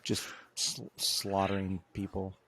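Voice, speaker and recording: A man's voice: sits low, monotone, slow, pushed and bright. A man co-hosting a casual fan podcast, an eager questioner who repeats himself as he talks. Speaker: podcast co-host. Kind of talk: casual chat.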